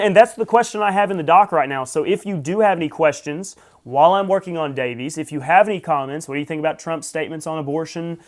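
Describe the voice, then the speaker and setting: A man hosting a live morning stream, chatting casually, greeting viewers by name and adding wry asides. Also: a little high. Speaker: host.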